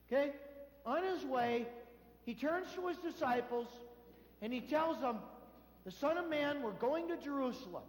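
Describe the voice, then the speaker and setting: High-voiced priest preaching in a church. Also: male voice. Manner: animated storytelling, acting out voices in quotes. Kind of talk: sermon. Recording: echoey church hall.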